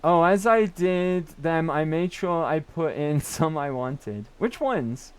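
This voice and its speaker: A young British man streams a game, chatting in a rambling way and often tagging on "right?". His voice is a little high and smooth, with lively intonation and an unhurried pace.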